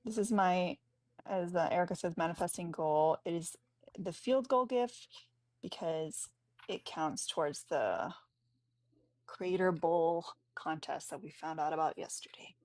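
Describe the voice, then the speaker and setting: A woman with a deep voice hosting a casual chat, dry and teasing. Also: unhurried, darkish tone, no room sound. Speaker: host.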